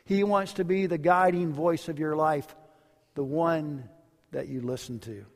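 A male pastor delivering a sermon, telling stories and dropping to quiet phrase endings. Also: fairly high pitch, a little slow. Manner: storytelling preacher, varies volume widely, drops to quiet endings. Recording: long hall reverb.

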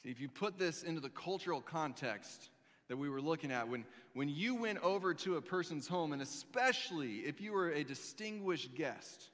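A man in his thirties preaching a sermon, telling stories with lively, dramatic pauses. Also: fairly high pitch. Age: 30s. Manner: animated storytelling, reads scripture aloud with dramatic pauses. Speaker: pastor. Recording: long reverb of a large hall.

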